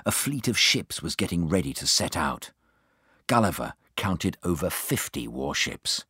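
A man narrating a children's storybook in a steady, expressive way. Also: low-pitched, measured pace, slightly rough, no echo, studio quality. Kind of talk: storybook reading.

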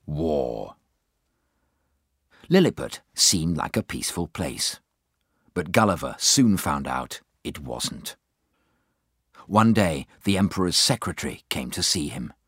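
A man narrating a children's storybook in a steady, expressive way. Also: very deep voice, slow, long pauses, breathy edge, no room sound, clean studio sound. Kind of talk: storybook reading.

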